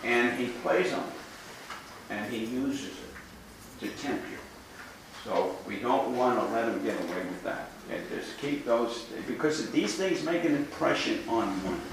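A man's voice: mid-range voice, expressive, a little slow, creaky. An older man from New York City with a New York accent, a priest giving an earnest, informal talk to young people and repeating words as he goes. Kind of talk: informal talk to a youth group. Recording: echoey room from far off with background noise.

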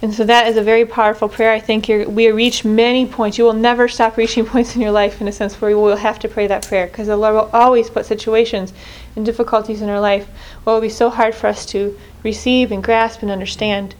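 A woman's voice: fairly high pitch, level tone, fairly quick, hardly any pauses. A woman leading a group prayer reflection in an earnest way, often restarting and correcting herself mid-sentence. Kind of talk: spoken reflection on scripture.

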